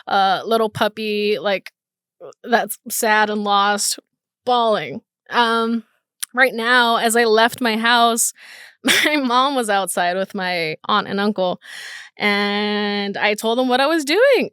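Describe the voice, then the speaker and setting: A woman's voice: medium pitch, slow, fairly bright tone, clean tone, no room sound, studio quality. A young woman hosting her first solo podcast episode, talking candidly and nervously, emotional and swearing freely. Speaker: podcast host. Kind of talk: casual solo podcast monologue.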